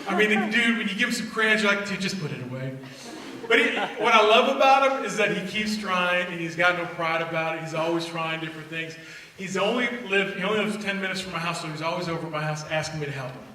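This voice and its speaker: A middle-aged man giving an energetic faith talk to young people, with loud bursts and low, intense asides. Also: quick pace, slight background noise. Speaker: speaker at a youth faith event. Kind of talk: energetic motivational talk to students. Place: church hall. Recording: echoey hall recorded from far off.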